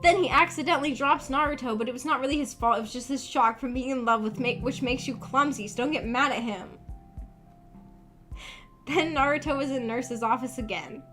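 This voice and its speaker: Streamer lady reading a fanfic out loud, laughing a lot, kinda high voice, soft music behind. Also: moderate pace. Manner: amused, laughs often. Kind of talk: dramatic reading with comic asides.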